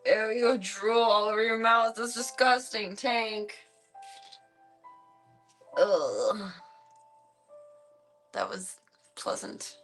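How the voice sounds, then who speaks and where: A woman's voice: mid-range voice, slow, pauses often, fairly bright tone, faint music behind. A woman streamer chatting casually at home, fussing over her pet in doting, playful baby talk and laughing often.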